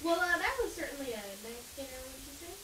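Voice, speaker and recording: A woman's voice: high voice, lively intonation, fast, sharp tone. A woman running a tabletop game, playful and laughing a lot. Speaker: game master. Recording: echoey room, distant mic, hiss.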